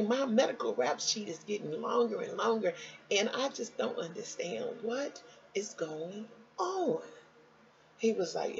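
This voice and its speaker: A woman telling viewers a personal health story in a casual, animated way, talking straight to them. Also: vocal fry, muffled recording, slight background noise. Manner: animated, jumps high when quoting others; conversational, addresses viewers as y'all.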